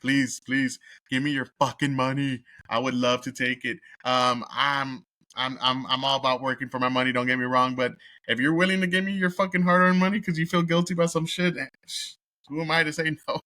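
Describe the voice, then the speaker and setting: A man from Texas talks through a film review in a blunt, swear-filled rant. His voice is bright and forceful, and the sound is dry with no room echo. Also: medium pitch, steady tone, fairly quick. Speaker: movie reviewer host. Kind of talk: casual profane review rant.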